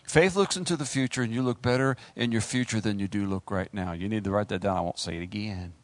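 A middle-aged male pastor preaching a sermon, animated, acting out voices and talking straight to the congregation. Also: on the low side, fast, no echo.

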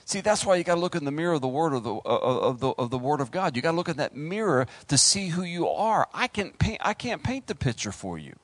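A middle-aged male pastor preaching a sermon, animated, acting out voices and talking straight to the congregation. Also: a little high, fast, few pauses, no echo.

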